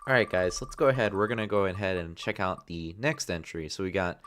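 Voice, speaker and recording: A man's voice: deep voice, normal speed, background noise. A young man reviewing community-made game levels on a livestream, talking in a laid-back, rambling way with lots of filler words. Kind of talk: casual livestream commentary.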